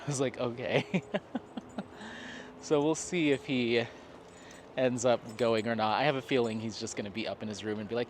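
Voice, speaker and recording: Speaking at a normal speed but with long pauses, a man with a medium-pitched, steady voice chats loosely and laughs frequently. He's a Colorado craft vlogger walking his dog near water in the evening, and the clean recording carries street noise, traffic and the hum of the town.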